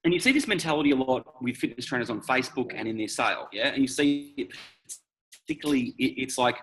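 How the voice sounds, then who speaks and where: Forty-something guy swearing his way through a sales story, bright punchy voice. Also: mid-range voice, quick pace, low-quality recording. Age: 40s. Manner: blunt, profane, animated storytelling. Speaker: sales coach guest. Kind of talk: casual podcast chat.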